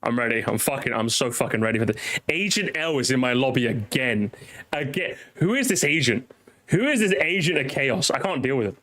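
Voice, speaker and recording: A young man chatting casually while streaming a racing game with viewers, excitable and swearing, repeating himself in bursts. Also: mid-range voice, fairly quick. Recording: game music behind.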